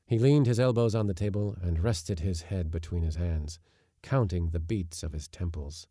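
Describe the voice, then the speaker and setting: A man with a low, mellow voice reads a literary short story aloud, measured and steady, with brighter lifts at the lively moments. The sound is close and dry, with no room around it. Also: no room sound. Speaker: narrator. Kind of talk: scripted audiobook narration.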